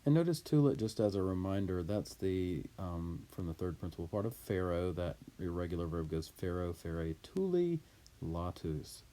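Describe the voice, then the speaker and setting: A man teaching Latin, reading a text aloud and explaining it deliberately, word by word. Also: low voice, animated, dark tone.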